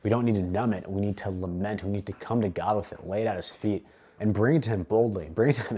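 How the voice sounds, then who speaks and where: A man's voice: fairly low pitch, fast talker, dark tone, slightly rough. A man coaching in a casual, faith-based talk, earnest and emphatic, often repeating words for stress. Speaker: men's coach.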